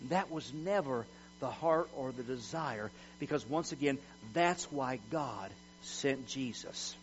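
Man, pastor, emphatic sermon, high voice, muffled lo-fi sound, electrical hum. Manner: emphatic preaching, acts out quotes with swagger. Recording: dull lo-fi sound with mains hum.

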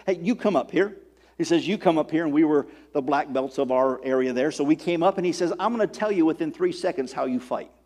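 A middle-aged man preaching from the pulpit with a notably high voice. He swells into loud, emphatic call-outs, then pulls back to plain storytelling. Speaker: pastor. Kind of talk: sermon.

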